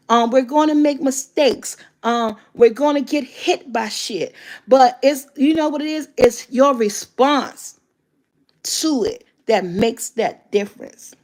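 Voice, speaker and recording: A woman's voice: a little high, a little mellow. A woman in her fifties giving casual motivational talk as a vlogger, candid and emphatic, swearing freely. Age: 50s.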